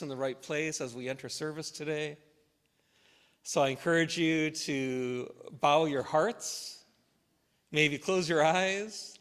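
Slow, measured pastor in a reverberant church. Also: male voice, fairly high pitch, a bit bright, smooth. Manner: slow, measured reading with emphatic phrases. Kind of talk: church welcome, scripture reading and prayer. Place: church sanctuary. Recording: long hall reverb.

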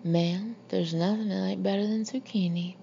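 A woman voicing a brash, blunt middle-aged male Marine colonel who talks gruffly and mockingly, in a muffled lo-fi recording. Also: medium pitch, fairly even intonation, normal speed, mellow, natural voice. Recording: muffled lo-fi recording with faint hiss.

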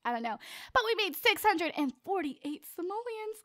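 A teenage girl with a bright, high voice talks her way through a game session in a loose, chatty style. She jokes with her viewers and keeps up a playful running commentary. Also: sing-song, normal speed, no room sound, studio quality. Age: late teens. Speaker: let's play host. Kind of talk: casual gameplay commentary.

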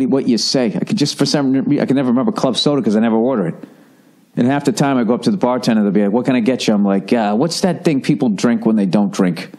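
A man's voice: fairly low pitch, darkish tone. Profane rambling man podcasting. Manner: profane, conversational, self-deprecating storytelling. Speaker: podcast host. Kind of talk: rambling comedic monologue.

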